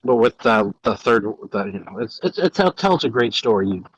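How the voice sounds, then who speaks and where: A man's voice: on the low side, big pitch swings, moderate pace, no room sound, rough recording. A young man co-hosting a podcast who rambles casually about a video game, with many restarts. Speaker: podcast co-host. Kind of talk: casual chat.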